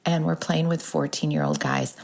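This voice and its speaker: A woman in her forties from the hosting a podcast in casual solo chat, bubbly and chatty, often dropping into breathy asides. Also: low voice, big pitch swings, normal speed, a little mellow. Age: 40s. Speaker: podcast host.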